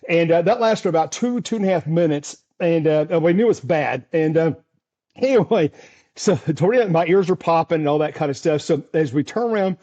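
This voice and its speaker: A man with a notably high voice tells a story at length as an interview guest. He is animated and chuckles often, tripping over his words and restarting as he goes. His style is casual and conversational. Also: a little fast, dull audio. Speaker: storm chaser interview guest.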